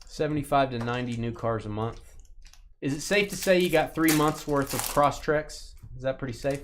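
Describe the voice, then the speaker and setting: A man's voice: mid-range voice, normal speed, slight background noise. A man hosting a live sports card break stream, chatting casually, joking and rambling with a co-host and viewers. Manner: joking, rambling, reads viewer chat aloud.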